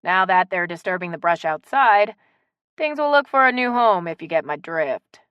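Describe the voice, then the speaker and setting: A woman doing a brisk, friendly neighbor. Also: on the low side, lively intonation, a bit bright, clear, resonant tone, no room sound, lo-fi sound.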